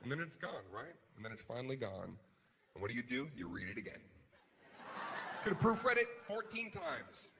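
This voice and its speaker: A man performing a stand-up comedy routine on stage, animated, swinging between hushed mutters and shouted rants. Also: mid-range voice, normal speed. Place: large comedy venue. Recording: live hall with crowd noise. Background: audience laughter.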